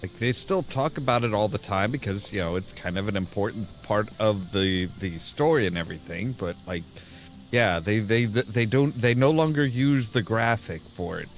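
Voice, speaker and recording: A man's voice: lowish voice, expressive, normal speed, faint music behind. A man casually commenting while playing a game, rambling and restarting his sentences often. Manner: rambling, self-interrupting, frequent restarts. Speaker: gameplay video host.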